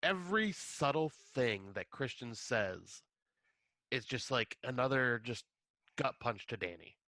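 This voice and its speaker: A man co-hosting a podcast in easygoing chat, his voice mid-pitched with a bright, forceful edge. The sound is dry, with no room around it. He agrees readily, hedges his points, and lifts his voice to act out dialogue. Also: animated, a little slow, no room sound. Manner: agreeable, hedging, acts out dialogue in a raised voice. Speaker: podcast co-host. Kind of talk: casual chat.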